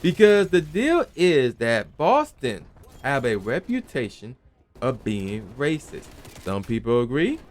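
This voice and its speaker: A man's voice: medium pitch, slow pace. A young man hosting a gaming channel, ranting emphatically in casual slangy talk and sometimes acting out the people he quotes. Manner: animated, emphatic, acts out quoted voices, slangy. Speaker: gaming commentary channel host. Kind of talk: casual opinion rant.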